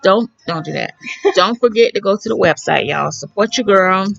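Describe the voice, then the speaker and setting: A woman's voice: medium pitch, expressive, normal speed, vocal fry, a bit bright, dull audio. A woman vlogger chatting outdoors by a pool, rambling in a candid, slangy way. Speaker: beauty vlogger. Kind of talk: casual chat.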